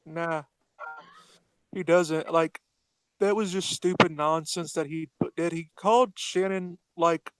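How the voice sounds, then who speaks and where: A man's voice: on the high side, fairly even intonation, takes it slowly, clear, resonant tone, no echo, low-quality recording. A man as a guest on a casual podcast, recounting events loosely with fillers like "you know".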